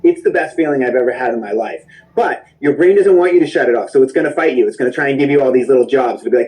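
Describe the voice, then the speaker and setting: A man's voice: medium pitch, quick pace, darkish tone, low-quality recording. A man leading a breathwork class, giving casual spoken instructions in a reassuring, chatty way with the odd swear word.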